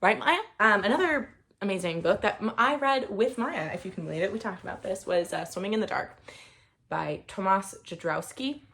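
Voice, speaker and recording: Gravelly-voiced woman rambling about books. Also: medium pitch, expressive, fairly quick, a bit bright. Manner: rambling, with many fillers and restarts; gushing, enthusiastic. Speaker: book reviewer. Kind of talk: casual book review chat.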